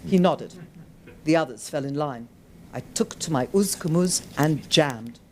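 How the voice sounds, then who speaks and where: A woman's voice: deep voice, a little slow, slight background noise. A woman author reading her own novel aloud at a bookshop event, telling the story expressively. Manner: expressive, animated storytelling with voiced characters.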